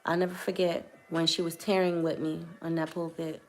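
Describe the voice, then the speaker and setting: A woman's voice: deep voice, level tone, normal speed, faint music behind. A young woman vlogger telling a personal testimony to camera in an earnest, hesitant way, choosing her words carefully.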